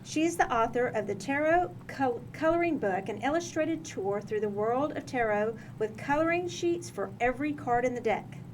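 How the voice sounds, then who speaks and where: A woman's voice: a little high, lively intonation, moderate pace, few pauses, a little hiss or hum. A woman with an East Texas accent, co-hosting a podcast and introducing guests in a chatty, lightly self-mocking way. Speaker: co-host.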